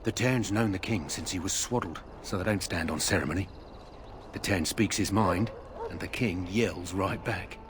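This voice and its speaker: Guy doing a gossipy game soldier, low voice, admiring, noisy hiss. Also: normal speed, natural voice. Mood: chatty. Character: chatty loyal male soldier guarding a tent. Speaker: game character, a tent guard.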